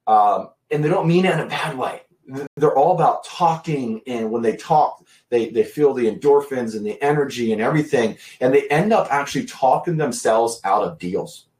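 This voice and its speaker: A man giving a sales training talk, emphatic and deliberate, pausing for effect. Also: medium pitch, a little mellow. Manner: emphatic, deliberate pacing with long pauses. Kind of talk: instructional talk to camera. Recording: echoey room.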